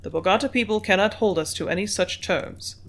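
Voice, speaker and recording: An audiobook reader voicing a measured, business-minded male company manager who speaks in calm, dictating tones. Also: mid-range voice.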